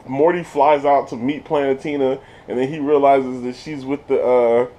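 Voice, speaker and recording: A man giving a casual spoiler review of a TV episode, slangy and excited, laughing often as he retells scenes. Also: mid-range voice, moderate pace.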